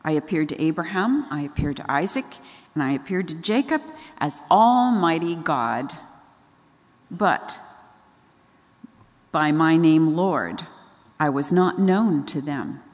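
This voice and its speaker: A woman preacher quoting God in a measured, solemn, slow delivery, heard with long hall reverb. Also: deep voice, expressive. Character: God, calm and commanding.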